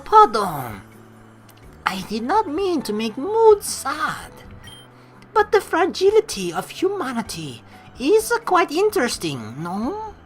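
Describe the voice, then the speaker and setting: A theatrical, dreamy French ghost teacher from a visual novel, played by a woman. She speaks in a high, lilting mock-French accent, melodramatic and flowery, her voice looping up and down in big swings. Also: exaggerated voice. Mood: gracious.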